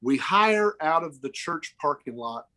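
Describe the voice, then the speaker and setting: A man putting on the voice of an older southern bluegrass band leader with a slow folksy drawl. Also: fairly high pitch, lively intonation, pushed and bright.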